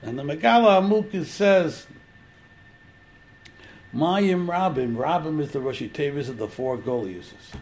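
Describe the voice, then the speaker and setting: A man's voice: fairly high pitch, lively intonation, moderate pace, few pauses, a little mellow, a little hiss or hum. A man giving an informal religious lecture, telling the story animatedly and acting out the quotes. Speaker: Torah teacher.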